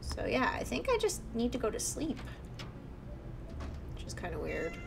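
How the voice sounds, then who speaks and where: A woman's voice: fairly high pitch, wildly swooping pitch, moderate pace, creaky, noisy background. A young woman giving casual gameplay commentary, chatty and often talking under her breath. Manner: chatty, reacts aloud, often hushed. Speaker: let's play host.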